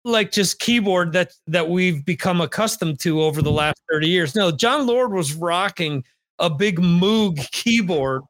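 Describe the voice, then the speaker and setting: A man's voice: sits high, animated, measured pace, a bit bright, dry recording. A man hosting a podcast in casual chat with listeners, rambling with restarts and fillers. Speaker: podcast host.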